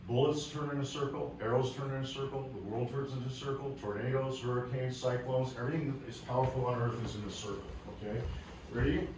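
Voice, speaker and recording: A man's voice: medium pitch, fast talker, recorded from a distance, noisy background. Man with a Southern US accent teaching martial arts in an echoey hall. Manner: calm explaining, with loud barked commands. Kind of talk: teaching a class, calling counts. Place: large echoey training hall.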